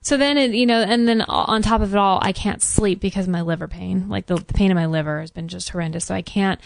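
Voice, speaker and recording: Frank, gravelly-voiced pregnant woman. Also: mid-range voice, fast, no room sound, studio quality. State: short of breath. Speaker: podcast co-host. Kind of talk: casual chat.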